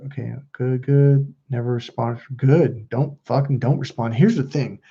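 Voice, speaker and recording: A man's voice: medium pitch, a little slow, warm tone, slightly rough, highs cut off. A man hosting a casual livestream, swearing freely, emphatic, often restarting his sentences. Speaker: self-help channel host.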